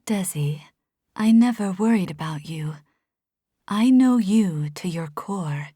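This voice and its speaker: A woman voicing a gentle, sorrowful mother who speaks in a soft, tender, near-whispered voice. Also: fairly low pitch, expressive, slow pace, husky, no echo, clean studio sound, heavily acted.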